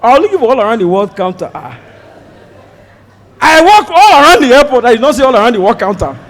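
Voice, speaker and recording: A Nigerian man performs stand-up, his voice sitting high and leaping all over the place as he tells the story. He acts out the people in it and breaks into shouts along the way. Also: quick pace, long reverb tail. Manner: animated, shouts and mimics voices while telling the story. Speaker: stand-up comedian.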